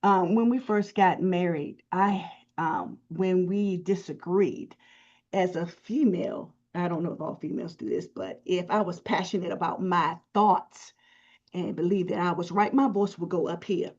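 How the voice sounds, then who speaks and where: A woman's voice: on the low side, moderate pace, darkish tone. A woman guest in a casual chat, talking earnestly and with emphasis. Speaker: guest author. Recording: dull lo-fi audio.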